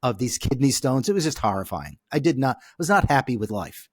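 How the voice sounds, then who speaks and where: Animated man telling a story, dry close sound. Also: medium pitch, a little fast, breathy edge, dry recording. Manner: expressive, repeats "okay?" to check in with the listener. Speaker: podcast guest.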